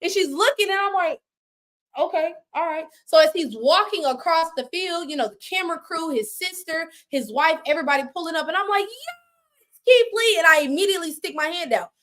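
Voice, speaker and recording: A woman guest on a live video call, telling her story in casual, animated talk, acting out what people said with slang and swearing. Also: very high-pitched, a little fast. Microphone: phone on a live video call.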